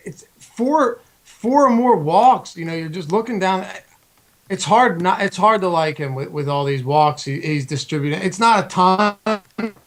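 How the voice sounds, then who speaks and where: Chatty man reeling off pitcher stats. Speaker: fantasy baseball show co-host. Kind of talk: casual sports chat.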